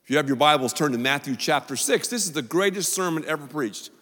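A male pastor preaching a sermon in a joking, animated way, full of quick asides, in a large church auditorium. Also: on the high side. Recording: long reverb of a large hall.

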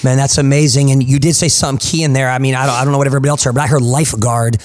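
A man's voice: mid-range voice, little pitch movement, very fast. A man with a New Jersey accent hosting a podcast, talking with hype and motivational energy. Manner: hype, motivational, calls people man and boss. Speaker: podcast host. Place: studio.

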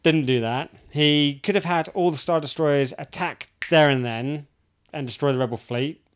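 A man's voice: fairly high pitch, normal speed, clear, resonant tone. A man in his thirties ranting in casual chat, swearing freely and restarting his sentences.

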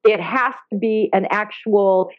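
A woman guest in a casual interview, telling stories in an animated way and acting out her own quoted remarks. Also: medium pitch, a little slow, no room sound, muffled recording. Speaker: guest, dolphin therapy program founder. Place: Maui, Hawaii.

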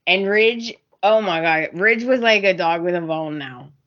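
A woman's voice: lowish voice, measured pace, fairly bright tone, highs cut off. A woman co-hosting a casual podcast, recapping a soap opera and acting out the characters' lines with animation. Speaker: podcast co-host.

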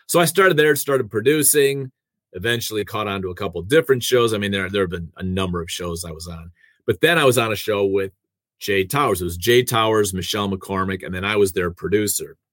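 A man's voice: fairly low pitch, brisk, fairly bright tone, no room sound. A man in casual conversation, telling the story of his career as a radio host and producer with self-deprecating asides.

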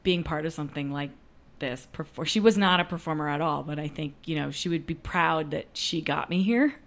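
A woman storyteller with a slightly low voice, talking in a loose, chatty way. She slips into lively bits of quoted dialogue as she recounts her story. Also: fairly quick, creaky. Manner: chatty, animated when acting out quotes. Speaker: storyteller and performer. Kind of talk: casual conversation.

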